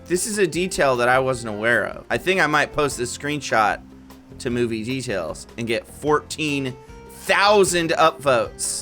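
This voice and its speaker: A man's voice: fairly high pitch, bright, forceful tone. A man on a comedy panel, chatting casually and telling stories in a wry way. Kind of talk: casual chat.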